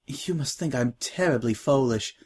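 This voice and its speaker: A man's voice: mid-range voice, animated, moderate pace, a little mellow, slightly rough. A man doing a prim, timid young filly. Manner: polite, formal, tearful and hesitant.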